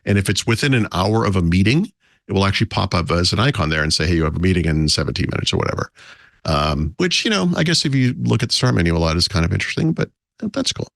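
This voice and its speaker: A man's voice: lowish voice, big pitch swings, quick pace, vocal fry, a bit bright, dry recording, clean studio sound. A man co-hosting a tech podcast, rambling in a casual, self-deprecating way with frequent chuckles. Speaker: podcast co-host.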